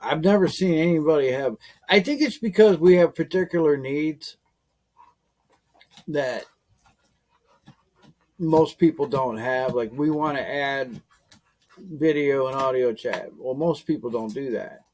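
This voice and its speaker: A man's voice: a little high, measured pace, long pauses, darkish tone. A man leading an online team meeting in casual chat, rambling with lots of fillers and chuckling often.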